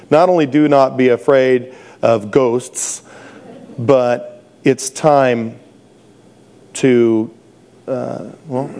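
A man's voice: medium pitch, a little mellow. A middle-aged man preaching a sermon, telling stories with humor and laughing at his own jokes. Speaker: pastor.

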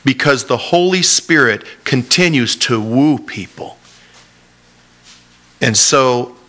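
A man preaching a sermon, reading scripture aloud and explaining it in an earnest, animated way. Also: medium pitch. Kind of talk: sermon-style Bible teaching.

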